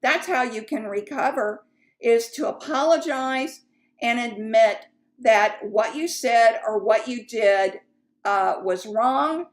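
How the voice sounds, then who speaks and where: A woman sales coach teaching in a chatty, candid way, with fillers and asides. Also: a little high. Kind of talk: casual teaching talk.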